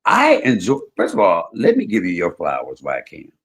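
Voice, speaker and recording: A man hosting a livestream, telling stories in casual chat, swinging between loud and soft. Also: sits low, huge pitch swings, a little fast. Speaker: livestream host.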